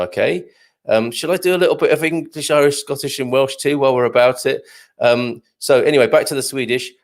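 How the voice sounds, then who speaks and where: A man's voice: mid-range voice, lively intonation, a little fast. A man hosting a live morning show, reading viewer comments aloud and joking with many fillers and chuckles. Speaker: show host.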